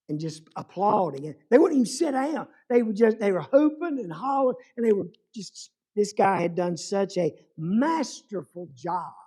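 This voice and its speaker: A male pastor preaching a sermon in a folksy storytelling manner, dropping to a hush for emphasis. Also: sits high.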